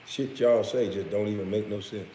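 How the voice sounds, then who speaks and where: A man's voice: on the low side, moderate pace, dark tone. Heated, profane man in an echoey room. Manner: heated, profane, mocking, with scornful laughs. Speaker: former pro basketball player. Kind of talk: profane rant. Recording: echoey room with long reverb, faint noise.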